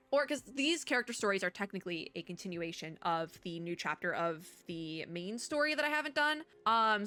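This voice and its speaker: Bright-voiced woman chatting over a game. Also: mid-range voice, no echo. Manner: chatty, rambling asides with frequent laughs. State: strained throat. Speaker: streamer playing a story game. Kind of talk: casual gameplay commentary and reading aloud.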